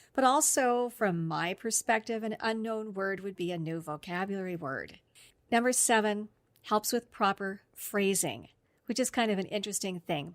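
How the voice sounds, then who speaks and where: A woman's voice: medium pitch, dry recording. A woman speech therapist giving a friendly, explanatory professional development talk. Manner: friendly, explanatory, with occasional laughs. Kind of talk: instructional podcast talk.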